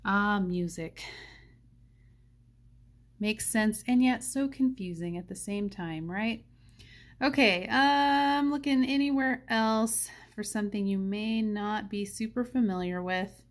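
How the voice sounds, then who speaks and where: A woman teaching a saxophone part, thinking aloud and counting rhythms out loud. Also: mid-range voice, slow. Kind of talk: music lesson walkthrough.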